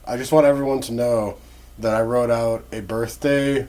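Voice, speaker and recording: A man's voice: mid-range voice, fairly even intonation, moderate pace. Laughing man on a noisy recording. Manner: laughing, joking. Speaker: podcast co-host. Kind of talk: casual chat. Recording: noisy home podcast recording.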